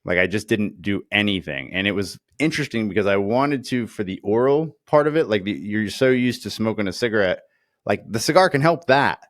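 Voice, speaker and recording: A man's voice: fairly low pitch, brisk, no echo, studio quality. A man co-hosting a casual chat, telling stories with lots of fillers and acting out quoted voices. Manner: animated storyteller, acts out quoted voices. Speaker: podcast co-host.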